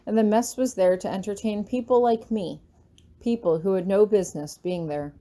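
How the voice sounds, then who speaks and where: Mellow low-voiced woman reading a story. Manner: expressive first-person storytelling. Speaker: audiobook reader. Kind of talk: fanfiction audiobook narration.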